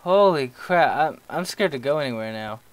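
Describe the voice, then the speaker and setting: A man's voice: on the high side, lively intonation, normal speed, rough recording. A young man commentating his own horror gameplay, talking to himself with jokes and yelping when startled. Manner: jumpy, yelps when startled, jokey self-talk. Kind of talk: horror game let's play commentary.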